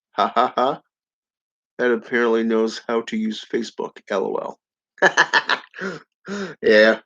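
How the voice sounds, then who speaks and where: A man's voice: lowish voice, fairly bright tone. A man hosting his channel, reading viewer comments aloud in a casual live-stream chat and chuckling often. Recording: dull lo-fi audio.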